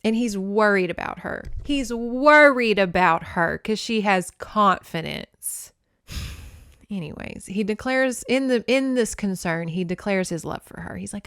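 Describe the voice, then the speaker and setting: A woman's voice: mid-range voice, lively intonation, a little slow, a bit bright, clear, resonant tone, dry recording, studio quality. A young adult woman hosting a podcast, recapping a book in a candid, opinionated way and swearing freely. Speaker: podcast host.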